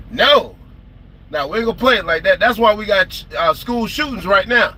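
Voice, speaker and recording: A man's voice: high-pitched, animated, moderate pace, sharp tone. A man telling stories in a casual, profane rant on a porch, and he acts out the people he quotes. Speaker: trucker vlogger. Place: porch, outdoors.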